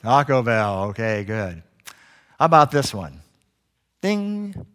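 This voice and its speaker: A man preaching a sermon as a guest preacher, telling animated stories and joking with the congregation. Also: on the low side, unhurried. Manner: animated storytelling, acts out little scenes; jokey with the congregation.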